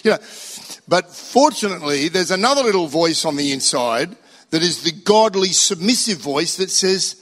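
An older man preaching a sermon as pastor, animated, acting out inner voices and a song leader. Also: high voice, moderate pace. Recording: long hall reverb.

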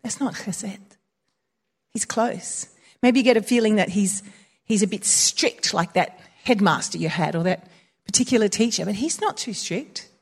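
A woman's voice: medium pitch, moderate pace, breathy edge. A woman preaching in a chatty, conversational way, mixing scripture with personal stories. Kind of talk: conversational sermon.

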